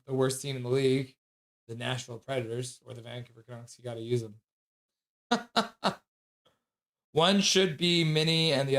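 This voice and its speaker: Chatty male streamer, slightly higher voice. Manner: reads chat aloud with frequent laughs and excited outbursts. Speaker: livestream host. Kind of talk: casual live-stream chat.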